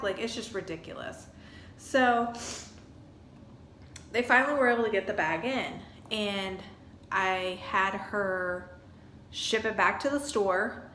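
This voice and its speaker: A woman vlogger telling a chatty, animated story about a purchase. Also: medium pitch, slight background noise. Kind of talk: casual storytelling review. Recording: echoey room with faint ambience.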